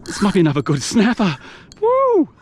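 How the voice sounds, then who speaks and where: Young man, lively swooping voice, excited fishing commentary, action camera at sea, faint background noise. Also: medium pitch, normal speed, vocal fry. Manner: exuberant, whooping, breathless excitement. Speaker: kayak fishing vlogger. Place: outdoors on a kayak at sea.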